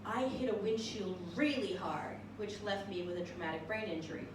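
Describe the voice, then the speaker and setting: This California woman's cabaret act blends singing and stand-up, and between numbers she chats wryly and self-mockingly with a small live audience. Her mid-range voice has lively intonation and a moderate pace, heard from afar in an echoey live room with music and a noisy background.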